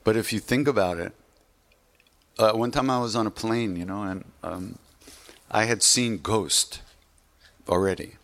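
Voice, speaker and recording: A man's voice: lowish voice, measured pace, long pauses, fairly bright tone. A man teaching meditation in an informal, conversational way, rambling with frequent "you know"s and self-corrections. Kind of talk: informal spiritual talk.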